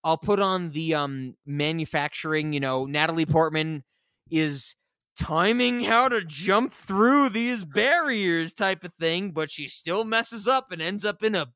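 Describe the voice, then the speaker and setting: A man co-hosting a casual film podcast, excitable and jokey, mocking scenes with exaggerated quotes. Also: fairly high pitch, unhurried, dry recording. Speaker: podcast co-host. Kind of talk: casual comedic film discussion.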